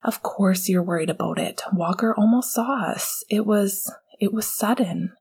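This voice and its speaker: A woman voicing a gentle, devoted young man comforting his partner in a whispered role-play, soft and earnest. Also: mid-range voice, unhurried, vocal fry, slightly rough, exaggerated voice. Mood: soothing.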